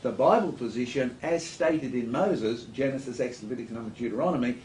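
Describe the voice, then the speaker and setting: A man speaking as a talk-show guest, lecturing in an animated storytelling way with joking asides. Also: medium pitch, quick pace, reverberant, a little hiss or hum, low-quality recording. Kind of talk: studio talk show discussion.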